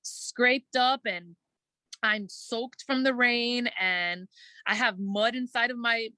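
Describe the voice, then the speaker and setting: A woman guest in a casual interview, telling her story earnestly and quickly, acting out her own thoughts and using many "like" fillers. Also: on the high side, pushed and bright, dry recording. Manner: earnest, fast storytelling with quoted self-talk and many "like" fillers. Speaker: guest entertainer.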